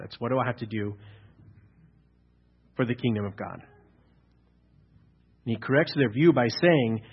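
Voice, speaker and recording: A pastor preaching a sermon, building to loud, emphatic exhortation at times. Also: male voice, medium pitch, breathy edge, highs cut off.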